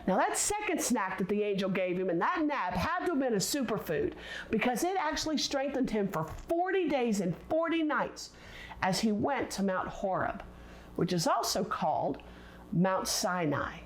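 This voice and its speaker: A woman teaching a recorded Bible lesson, expressive and deliberate, leaning on words for dramatic emphasis. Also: medium pitch.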